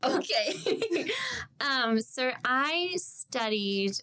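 A woman's voice: high-pitched, animated, very slow, pushed and bright, slight background noise. A young Australian woman whose accent drifts toward American, chatting as a guest and telling stories with frequent laughs. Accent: Australian, partly Americanized. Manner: chatty storyteller, laughs often. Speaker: guest, stage performer. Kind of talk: casual interview chat.

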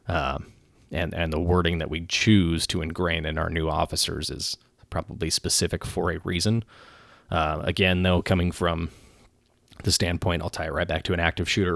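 Low gravelly police officer musing. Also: male voice, fairly bright tone, no echo, studio quality. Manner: measured, frequent ums and restarts. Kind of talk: casual commentary.

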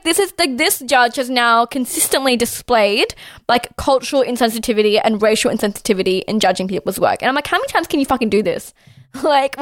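A woman's voice: a little high, dry recording, clean studio sound. A young woman co-hosting a podcast, ranting in heated, sarcastic casual chat with lots of swearing. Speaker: podcast co-host.

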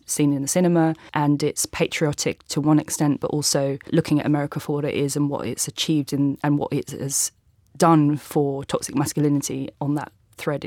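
Chatty, animated mid-pitched voice. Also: no room sound, studio quality. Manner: chatty, animated, with fillers and laughs. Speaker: film reviewer. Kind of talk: casual discussion.

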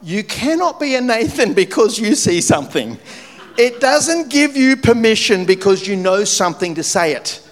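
A man preaching a sermon, telling a story with lively shifts between loud punchy lines and low, quiet, weighty ones. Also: moderate pace, in a large hall. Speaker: pastor.

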